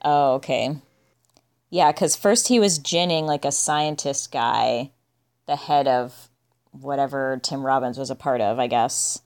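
Low-voiced woman musing dryly. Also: a little slow, darkish tone. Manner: dry, musing, trails off with "I guess". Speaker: podcast co-host. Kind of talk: casual movie discussion.

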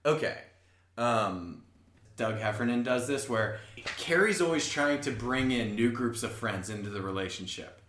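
A man's voice: medium pitch, expressive, normal speed, fairly bright tone, roomy sound, slight background noise. A man co-hosting a podcast, telling rambling stories in casual chat, swearing and acting out other people's voices. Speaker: podcast co-host.

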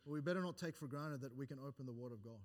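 A fast-talking man with a medium-pitched voice preaches a sermon in church. He builds his points with rising emphasis and quotes scripture in old-fashioned wording, often restarting phrases and repeating words between points.

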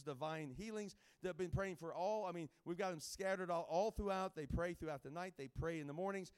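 A man's voice: high voice, clear, resonant tone. A man speaking as a guest evangelist, giving a jokey, rambling informal sermon to a camp with many restarts.

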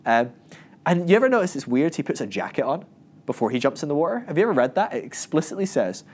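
A man's voice: fairly high pitch, fast talker. A man giving a casual, humorous Bible teaching, joking and acting out quoted lines. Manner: jokey, animated, acts out quotes in raised voices. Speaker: Christian teacher.

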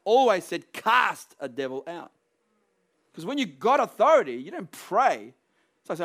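A man preaching a sermon, emphatic and building to forceful peaks, acting out quoted voices along the way. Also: sits high, very animated, normal speed.

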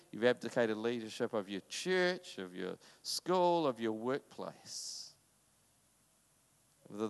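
A man's voice: mid-range voice, creaky, in a large hall. A man preaching a sermon in a conversational, impassioned way, with sudden emphatic bursts.

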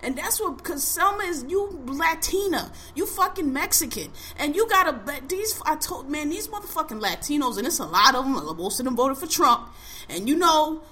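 A woman's voice: sits high, animated, normal speed, sharp tone. A woman co-hosting a casual podcast discussion, ranting heatedly and profanely with heavy emphasis.

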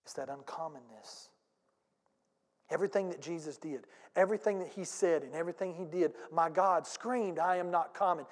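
A man preaches from the pulpit with a notably high-pitched voice, pushing hard on key lines and having the congregation repeat phrases back to him. His voice trails into a long reverberant tail that fills the church sanctuary. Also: normal speed. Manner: emphatic preaching with audience call-and-response and acted-out anecdotes. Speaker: pastor. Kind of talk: sermon.

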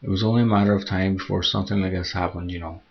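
A man's voice: sits low, racing, creaky, highs cut off. A man doing a cold, lecturing boyfriend. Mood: coldly lecturing. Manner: flat, disapproving delivery.

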